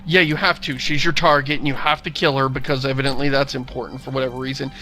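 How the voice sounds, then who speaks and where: A man co-hosting a casual video game commentary show recaps the story in a wry, sardonic manner. He speaks fast, with a medium-pitched, flat delivery and a sharp tone.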